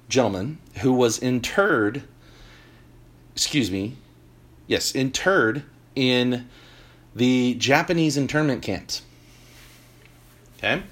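A man hosting a talk show, delivering an animated opinion monologue with emphatic points and joking asides. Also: mid-range voice. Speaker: podcast host.

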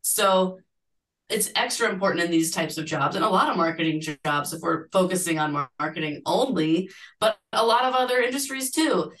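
A woman recruiter answering interview questions casually, acting out what candidates say in lively quoted voices. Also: fairly low pitch, moderate pace, far from the mic, rough recording. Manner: animated, acts out candidate quotes. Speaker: recruiter at an agency.

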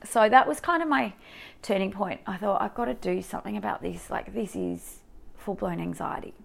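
A mother from Australia relates a personal experience at a moderate pace, her medium-pitched voice carrying vocal fry. She sounds candid and emotional, animated as she goes, leaning heavily on fillers and restarting sentences.

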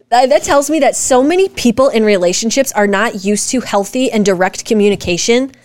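A woman co-hosting a casual chat with her husband, talking in an animated, direct and profane way as she argues her point. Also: on the high side, moderate pace, no room sound. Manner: animated, direct and profane, rants with rising emphasis. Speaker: co-host, wife. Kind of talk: casual podcast chat reacting to comments.

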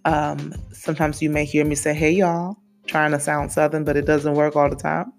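Gravelly, earnest Saint Lucian woman. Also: low voice, monotone, a little fast, faint music behind. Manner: earnest, repeats phrases, addresses listeners directly. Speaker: podcast host and therapist. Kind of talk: casual faith podcast monologue.

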